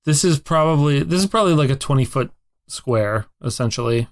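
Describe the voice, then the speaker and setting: A man's voice: a little high, expressive, a little fast. A man running a tabletop game as game master, casual and hesitant, laughing often.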